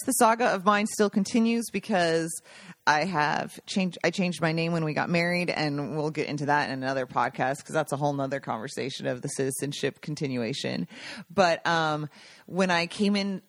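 A woman in her forties co-hosting a casual podcast, telling stories in an animated way and laughing often. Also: deep voice, moderate pace, no room sound. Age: 40s. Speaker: podcast co-host. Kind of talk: casual chat.

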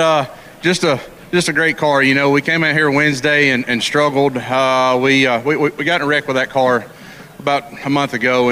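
A man talking at the track just after winning a race, a little out of breath, halting and restarting often. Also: medium pitch, sharp tone, a little hiss or hum. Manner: halting, many restarts and thank-yous. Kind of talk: post-race victory interview. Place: outdoor racetrack.

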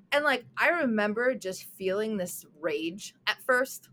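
A young adult woman, a guest, telling her story in an animated way, with lots of "like"s. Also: fairly high pitch, slight background noise. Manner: animated, fast storytelling with many "like"s. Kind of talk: storytelling interview chat.

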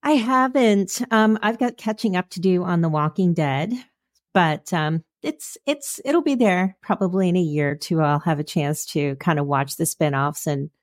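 A woman's voice: fairly low pitch, moderate pace, no echo, studio quality. A woman hosting a podcast interview, talking enthusiastically with lots of fillers. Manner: enthusiastic, uses many fillers. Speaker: podcast host. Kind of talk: casual interview chat.

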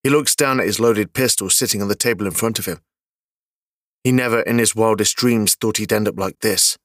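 Low-voiced man narrating a story. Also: fairly bright tone, dry recording, clean studio sound. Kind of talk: scripted audiobook narration.

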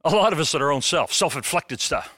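Bright-voiced joking male pastor. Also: fairly high pitch, fairly quick, dry recording, clean studio sound. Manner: animated, joking, conversational preaching. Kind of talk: sermon.

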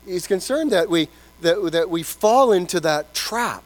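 A man preaching a sermon as pastor, animated, acting out the voices of people he quotes and dropping to soft emphasis. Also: sits high, unhurried, few pauses. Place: church.

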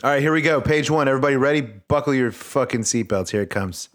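A man's voice: medium pitch, fast. A man hosting a comedic podcast, reading a children's book aloud with joking asides that drop into mumbles. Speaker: podcast host.

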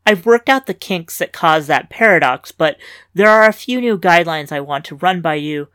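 A woman voicing a serious young female scientist, a countess, in a lowered, measured voice. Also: animated, fairly bright tone, smooth, no echo, clean studio sound. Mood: matter-of-fact.

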